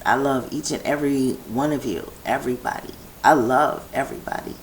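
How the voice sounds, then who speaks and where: A woman's voice: extremely low pitch, a little fast, slight background noise, low-quality recording. A woman vlogger talking in a meandering personal monologue from her home set, restarting her thoughts and drifting into chatty asides.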